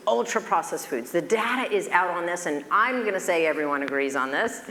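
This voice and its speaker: A woman physician giving a conference keynote, lecturing conversationally and telling stories in an animated, expressive way. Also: on the low side. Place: large lecture hall. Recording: echoey hall with long reverb, faint ambience.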